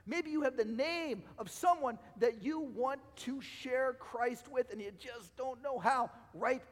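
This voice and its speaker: Male preacher, high-pitched, rhetorical build-ups, voice fraying, hall reverb. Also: a little slow. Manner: rhetorical, repeats phrases, swings from loud to quiet. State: losing his voice. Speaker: pastor. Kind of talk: sermon. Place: church sanctuary.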